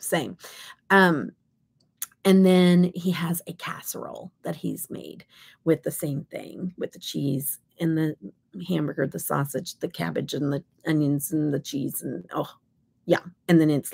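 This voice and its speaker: Middle-aged woman from Kansas, makeup livestream host; low, husky, unhurried, rambling chat with whispered asides. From Kansas, USA. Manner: chatty, rambling, drops into whispers. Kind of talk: casual live chat while swatching.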